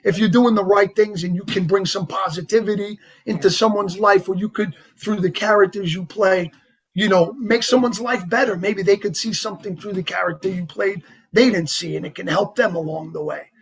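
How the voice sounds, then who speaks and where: Guest, male, heavy New York accent, raised husky voice, animated and rambling, casual interview. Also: sits high, moderate pace. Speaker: actor guest.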